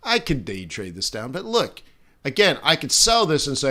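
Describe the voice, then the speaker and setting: This forex stream host is a middle-aged man whose slightly high voice swoops wildly in pitch and sounds pushed and bright. At a normal speed, he rambles chattily through his live trading stream, piling up fillers and restarts.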